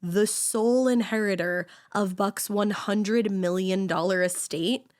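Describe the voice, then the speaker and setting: A woman's voice: medium pitch, a little slow, darkish tone. A young woman co-hosting a podcast, telling a true-crime story in casual chat with sarcastic asides and casual swearing.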